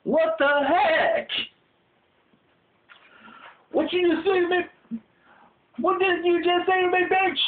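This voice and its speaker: A man playing a loud, boastful gym instructor who shouts and repeats himself in a homemade sketch. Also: extremely high pitch, takes it slowly, pauses often, pitched above the performer's own voice. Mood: hyped. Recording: tinny phone-quality recording.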